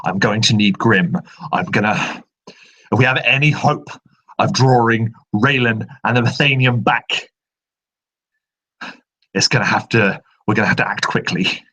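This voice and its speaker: A man's voice: lowish voice, unhurried, long pauses, pushed and bright, husky, exaggerated voice, low-quality recording. A man voicing an earnest male ally in a tabletop game, talking in an urgent, pleading way.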